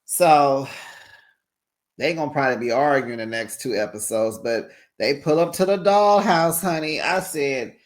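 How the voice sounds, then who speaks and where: Tired male recap host, chatty and sassy, slightly higher voice. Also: lively intonation, measured pace. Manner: chatty and sassy, with slangy asides to viewers. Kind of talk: casual recap commentary.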